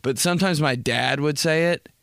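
Man, podcast host, comedic monologue, animated, acts out voices. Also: fairly high pitch, normal speed, creaky, no echo, clean studio sound. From Indiana, United States. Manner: animated, laughs often, acts out quotes in exaggerated voices. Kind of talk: solo comedic rambling monologue.

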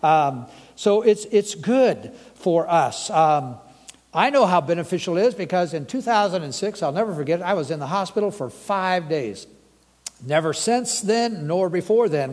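A man's voice: a little high, darkish tone, in a large hall. A man preaching a sermon as pastor, talking in a chatty way and putting questions to the congregation. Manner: conversational, asks the congregation questions. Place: church sanctuary.

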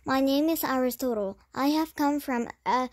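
A calm, curious old philosopher teacher , voiced by a woman reading a storybook aloud. The voice sits fairly high and close to the mic in a dry space. Lines come in a plain read with stumbles and restarts. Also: normal speed, no room sound, lightly acted.

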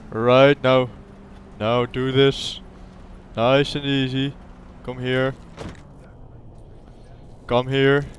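A young man giving goofy, excitable commentary over his gameplay, often yelling at the game. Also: medium pitch, drawn-out words, pauses often, slight background noise. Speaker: gaming video creator.

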